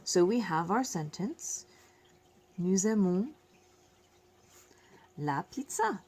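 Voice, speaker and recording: A woman teaching a French lesson, explaining slowly and repeating each phrase in both languages, with self-deprecating asides. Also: mid-range voice, animated, a little mellow, breathy edge. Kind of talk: classroom lesson.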